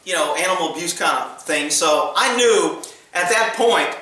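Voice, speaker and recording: A man's voice: high voice, expressive, moderate pace, sharp tone, heavy reverb, distant mic, low-quality recording. A man telling stories from his time as a military police officer in a blunt, casual way, laughing often. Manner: blunt, laughing, acts out voices in quotes. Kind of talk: casual storytelling.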